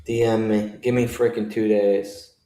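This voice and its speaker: Slow-talking, cursing man streaming trades. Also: lowish voice, level tone, dark tone, reverberant, faint music behind. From New York. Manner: profane, griping, talks to chat. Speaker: livestream trader host. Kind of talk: live trading stream commentary.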